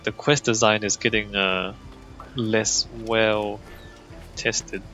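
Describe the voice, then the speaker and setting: A man's voice: fairly low pitch, flat delivery, slow, pushed and bright, highs cut off, soft background music. A man giving wry, chatty commentary while playing a video game, thinking aloud. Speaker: gameplay commentator. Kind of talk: casual let's play commentary.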